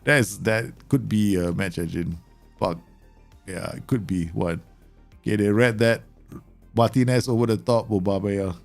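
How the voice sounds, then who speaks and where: A man commentating live on a football management game, excitable and teasing, bursting into exclamations. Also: on the low side, normal speed, creaky, pauses often, faint music behind.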